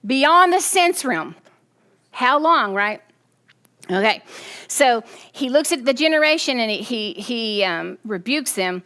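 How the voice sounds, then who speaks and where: A woman preaching to a group, her voice sitting a little high. She is animated and keeps checking in with her listeners as she teaches. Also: slow. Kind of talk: sermon.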